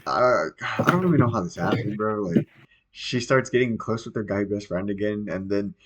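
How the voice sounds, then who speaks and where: A man's voice: fairly low pitch, expressive, normal speed, heavy background noise. A young man hosting a podcast, telling a story in a rambling, profane, casual way with plenty of fillers. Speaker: podcast host.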